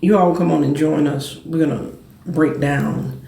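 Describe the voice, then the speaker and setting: Casting: male sports talk host, gravelly, slightly high voice, animated storyteller, echoey room. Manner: animated, storytelling, quick bursts. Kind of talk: casual sports and cigar chat.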